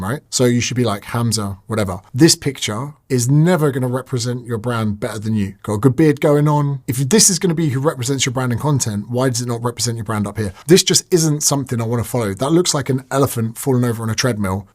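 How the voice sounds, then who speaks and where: A man giving blunt, joking casual commentary as he critiques people's social media pages. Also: medium pitch.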